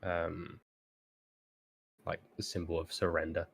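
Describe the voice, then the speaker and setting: A man running a tabletop game as game master, narrating with many halting fillers. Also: low-pitched, level tone, gravelly, slightly rough, no room sound.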